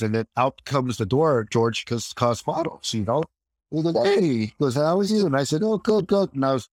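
A man's voice: mid-range voice, no echo, clean studio sound. A man, an actor and martial artist, telling a long story as an interview guest and acting out other people's lines, with frequent restarts. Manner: lively storyteller who acts out quoted dialogue, many restarts.

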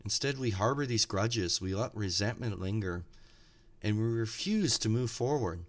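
A man giving an earnest, reflective podcast talk, measured and slowing down for emphasis as he tells stories. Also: on the low side, lively intonation. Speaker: podcast speaker.

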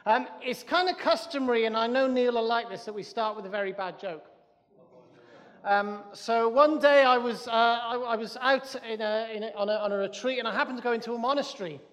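A man with a very high voice delivers a sermon as the senior pastor. He talks animatedly and often restarts his phrases. The hall around him rings with a long reverb. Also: brisk. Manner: lively, animated preaching with a joke and repeated restarts. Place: church hall.

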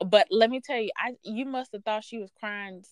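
A woman hosting a podcast, telling a workplace story in a blunt, profane, sassy and animated way. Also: mid-range voice, moderate pace. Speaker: podcast host. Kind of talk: casual storytelling rant.

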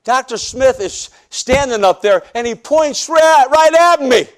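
A pastor from the northern United States preaching a personal testimony sermon, telling his story with animated, joking storytelling that acts out scenes. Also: very high voice, measured pace.

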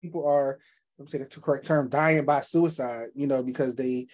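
A man's voice: mid-range voice, fairly even intonation, moderate pace, darkish tone. A man hosting an interview, asking long, loose questions peppered with "you know" and addressing his audience. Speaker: host. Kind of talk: conversational interview.

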